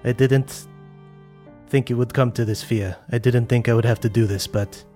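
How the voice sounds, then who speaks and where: A man voicing a stern, devout father who is sending his own daughter to judgment, speaking gravely in a tabletop game. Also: medium pitch, fairly even intonation, moderate pace, warm tone, faint music behind, voice pushed down, close to an everyday voice.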